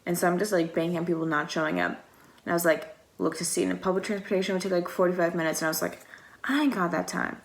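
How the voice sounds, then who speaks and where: A woman's voice: on the low side, little pitch movement, rapid-fire. A young woman from the United States telling a long story in a casual, rambling vlog style, with lots of "like" and acted-out quotes. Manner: rambling and chatty, heavy use of "like"; acts out quoted exchanges. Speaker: vlogger.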